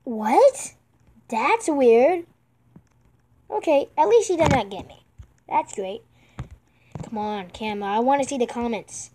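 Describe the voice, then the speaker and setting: A woman narrates her online game in a let's-play style, her fairly high voice yelping and pleading at the screen. She talks slowly and drags her words out, repeating the same lines over and over. A faint hiss sits under her voice. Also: expressive, warm tone. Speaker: gamer playing online with friends. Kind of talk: excitable let's-play commentary.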